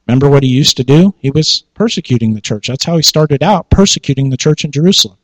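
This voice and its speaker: A man's voice: medium pitch, animated, quick pace, no echo, low-quality recording. A man, a pastor, preaching a sermon in a conversational way, asking rhetorical questions and laughing at his own asides.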